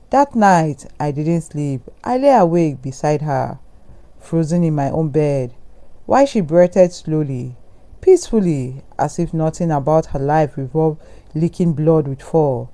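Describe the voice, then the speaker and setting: A man reading a first-person horror story in a steady, brooding narration. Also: fairly high pitch.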